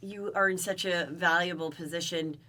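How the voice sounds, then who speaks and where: A woman's voice: fairly low pitch, fairly even intonation, normal speed, pushed and bright, recorded from a distance. A woman hosting a podcast, chatty, asking follow-up questions in casual conversation. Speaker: podcast host.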